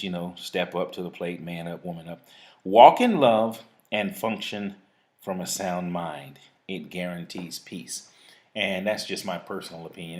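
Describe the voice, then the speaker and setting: Earnest, easygoing man with a lowish voice. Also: fairly bright tone. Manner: earnest, preachy and easygoing, with casual asides. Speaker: host of a live talk show. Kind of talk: reading a reflective piece and chatting with a phone guest.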